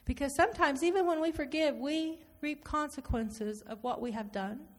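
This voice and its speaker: A woman preaching a sermon, animated and repetitive, acting out inner dialogue as she speaks. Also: high-pitched, moderate pace. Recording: reverberant hall.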